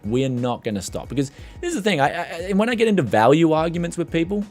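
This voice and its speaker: A man's slightly high, fast voice, strained from yelling, carries a rambling, animated tech livestream where he reads viewers' questions aloud. Soft music sits in the background.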